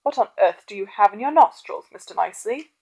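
A woman voicing a smug, scheming gentleman villain who talks with haughty relish and a menacing edge. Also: medium pitch, animated, fairly quick, husky.

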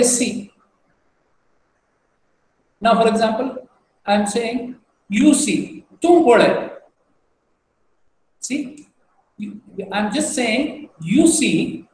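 A language teacher gives a lesson very slowly, with long pauses, patiently repeating each word and spelling it out. His voice sits high with a darkish tone, and the recording has a roomy echo and faint background hum.

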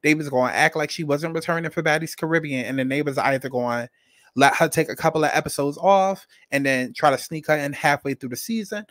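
A man's voice: fairly high pitch, a little fast, fairly bright tone, dry recording, studio quality. A man hosting a commentary channel, talking bluntly and straight to his viewers. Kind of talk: casual commentary.

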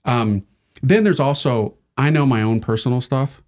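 Male priest guest, mid-pitch voice, easygoing self-deprecating storyteller. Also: normal speed, a little mellow. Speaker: Catholic priest. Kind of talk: casual conversation.

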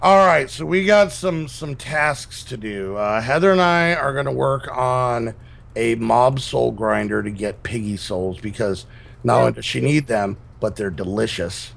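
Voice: mid-range voice, unhurried, creaky. A gamer joking around and leading tasks in casual chat with friends. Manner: joking, puts on silly twangs. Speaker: let's play gamer.

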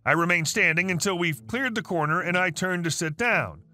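A male synthetic-sounding voice reading online stories aloud in an even manner, speaking the dialogue tags out loud. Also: high voice, normal speed. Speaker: story narrator.

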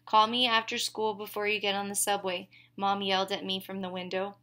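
Narrating a first-person novel as an audiobook reader, a woman marks characters' lines with subtle changes rather than big voices. Her medium-pitched voice stays fairly flat in pitch, and she reads fairly quickly with a bright, forceful tone.

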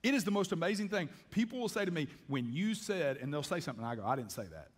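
Male pastor, sermon delivery, slightly high voice, echoing sanctuary. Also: lively intonation, fast, slightly rough. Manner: folksy, emphatic preaching with frequent restarts. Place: church sanctuary. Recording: long reverb of a church hall.

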